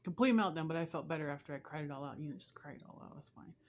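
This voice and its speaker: A woman's voice: low voice, very fast. A woman vlogger telling a long personal story in a casual, rambling way, speaking straight to her viewers.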